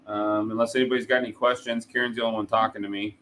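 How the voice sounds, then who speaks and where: A man's voice: fairly low pitch, little pitch movement, racing, a bit bright, slight background noise, low-quality recording. A man chatting casually on a livestream, rambling and talking to viewers while a 3D printer runs. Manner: laid-back, rambling, talks to chat. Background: printer running.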